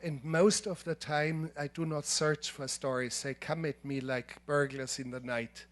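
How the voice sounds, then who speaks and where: A man in his seventies with a German accent giving a lecture, telling anecdotes in a measured, emphatic way with frequent restarts. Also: a little high, fairly even intonation. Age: 70s. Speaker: filmmaker giving a masterclass. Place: lecture hall.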